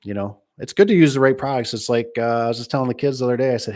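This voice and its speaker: A middle-aged man chatting casually with viewers, wandering from one story to the next. He jokes around, restarts his sentences and tosses in asides, with an everyday voice of ordinary pitch. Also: very fast, darkish tone. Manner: rambling, joking, many restarts and asides. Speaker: garage door business owner. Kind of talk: casual storytelling to a live chat.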